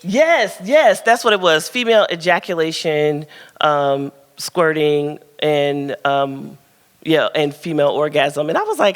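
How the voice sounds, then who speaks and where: A woman's voice: sits low, expressive, a little slow. A candid woman author chats with her audience at a live book event, laughing easily and telling stories full of ums and likes. Her voice carries a long reverb from the hall around her. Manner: frank, chatty and laughing, tells stories with lots of fillers. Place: event room at a book launch.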